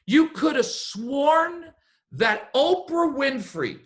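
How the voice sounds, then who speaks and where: A man coaching a business team, giving a motivational talk and telling stories in an animated way. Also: extremely high pitch, extremely slow. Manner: animated storyteller, acts out what others said.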